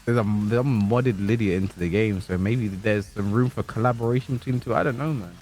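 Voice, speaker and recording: A man commentating a fighting-game tournament stream in joking, animated banter with his co-host. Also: lowish voice, a little fast. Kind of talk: casual esports commentary.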